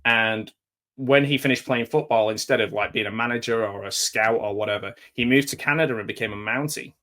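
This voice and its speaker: A man's voice: medium pitch, brisk, pushed and bright. A man hosting a casual interview, chatty and easily amused. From England. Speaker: host.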